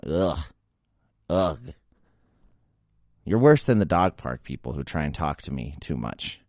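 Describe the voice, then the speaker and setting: Young adult male podcast host, very low voice, dry close sound, irritated ranting delivery. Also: sing-song, a little slow, long pauses, darkish tone, dry recording. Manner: grumbling, exasperated, mocks baby talk. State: a bit sick after drinking. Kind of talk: casual solo rant.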